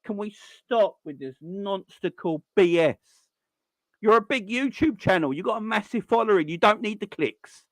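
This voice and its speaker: A man's voice: high-pitched, lively intonation, moderate pace, dry recording. Exasperated man ranting. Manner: exasperated, repeats and restarts words when wound up. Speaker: live-stream host. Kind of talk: heated fan rant on a live stream.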